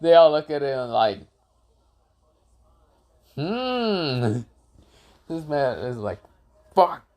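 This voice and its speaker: A man casually improvising a fan-fiction story, rambling with self-corrections, swearing, and high shouted voices for characters. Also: expressive, normal speed, few pauses.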